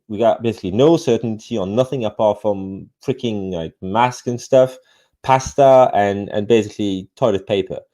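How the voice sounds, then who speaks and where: Presenting remotely at an online ecommerce summit, a man with a French accent speaks in a lowish, warm voice. His talk is full of fillers, restarts and swearing.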